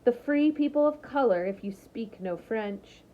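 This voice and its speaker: Woman voicing a proud, calm young woman. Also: on the high side. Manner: calm, dignified, measured. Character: proud, composed young free woman of color. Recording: slightly muffled lo-fi recording.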